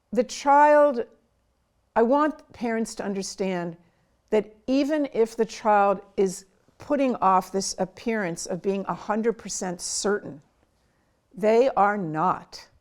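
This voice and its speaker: A woman's voice: medium pitch, darkish tone. A middle-aged woman, a child psychiatrist, giving earnest advice to parents in an interview and sometimes acting out what parents and children say. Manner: slow, earnest, acts out quoted dialogue.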